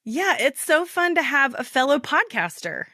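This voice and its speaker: A woman's voice: sits high, big pitch swings, bright, forceful tone, no room sound, studio quality. A woman with a Southern American accent, hosting a kids' podcast and interviewing a guest in an upbeat, encouraging way. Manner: upbeat, encouraging, quick to laugh. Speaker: podcast host.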